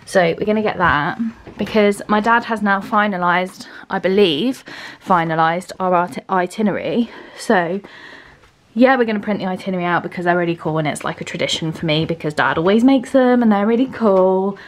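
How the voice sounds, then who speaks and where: A woman's voice: on the low side, moderate pace. A young woman chatting casually for a vlog, talking through plans step by step. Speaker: vlogger.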